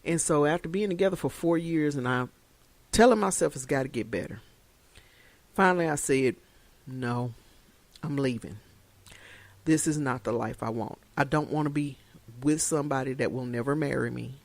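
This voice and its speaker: A woman's voice: a bass voice, moderate pace, vocal fry, pauses often, darkish tone, no echo. A woman giving an earnest personal testimony on a podcast, growing emphatic as she tells it. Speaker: guest sharing her story.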